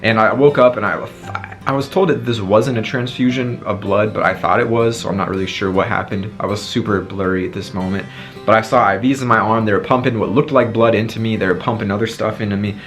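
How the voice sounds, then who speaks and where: Young man with a low voice telling a story. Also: quick pace, soft background music. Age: 20s. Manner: animated storytelling, acting out his own past lines. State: sore throat after tonsil surgery. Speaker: vlogger. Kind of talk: storytime vlog.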